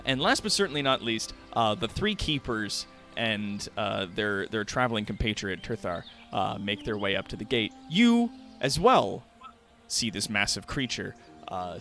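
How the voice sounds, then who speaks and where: Animated male game master. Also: lowish voice, moderate pace, soft background music. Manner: animated, laughing often. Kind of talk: narrating a tabletop game.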